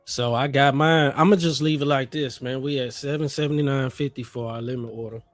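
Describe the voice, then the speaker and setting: A man's voice: mid-range voice, steady tone, fairly quick, no echo, soft background music. A man co-hosting a trading livestream in casual slangy banter, feeling unwell and coughing a bit. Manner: laid-back slangy banter, hums and sings bits. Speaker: co-host trader.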